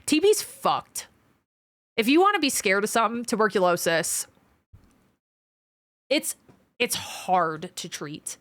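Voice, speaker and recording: A woman with a mid-range, slightly bright voice and big pitch swings streams live in a dry recording. Training in surgery, she reads viewer comments aloud in casual chat and is frank, profane, and quick to vent.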